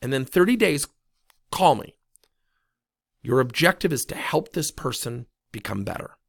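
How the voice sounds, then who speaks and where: Man, coaching trainer, gravelly voice, very expressive pitch, tells stories with dialogue. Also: moderate pace, no room sound, clean studio sound. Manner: animated, retells conversations with quoted dialogue. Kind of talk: storytelling coaching talk.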